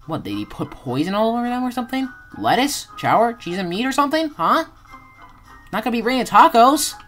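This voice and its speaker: A woman giving rambling, excitable gameplay commentary as a channel host, with sudden loud outbursts and swearing. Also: on the high side, a little fast, soft background music, poor audio.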